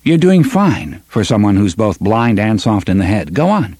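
A man's voice: lowish voice, big pitch swings, normal speed, darkish tone, husky, dry recording, clean studio sound. A man voicing an impatient, tense young man in a storybook reading.

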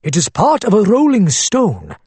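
A man's voice: sits high, wildly swooping pitch, normal speed, dark tone, breathy edge, no echo, pitched above the performer's own voice, full character voice. A man voicing an old male antiques dealer, shrewd and jovial, with a thick Arabic accent. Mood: jovial, bargaining.

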